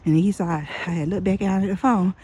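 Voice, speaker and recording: Profane, animated woman vlogging outdoors. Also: medium pitch, quick pace, slightly rough. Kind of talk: casual storytelling while walking. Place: outdoors on a dark street at night.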